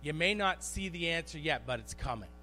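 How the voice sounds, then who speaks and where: A man preaching a sermon as pastor in a church, animated and storytelling, repeating phrases for emphasis. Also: fairly high pitch, fairly quick, soft background music. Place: church sanctuary.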